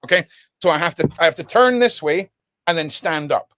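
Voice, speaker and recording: A man's voice: fairly high pitch, animated, a little fast, a bit bright, dry recording, clean studio sound. A man hosting a casual livestream podcast from his home desk, rambling and chatting with viewers by name.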